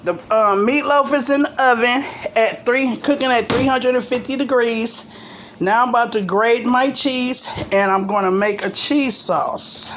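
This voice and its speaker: In her home kitchen, an older woman presents a cooking show, talking comfortably through each step. Her fairly high, somewhat bright voice is unhurried, and a slight hiss or hum mixes with the clanking of pots, dishes and cutlery.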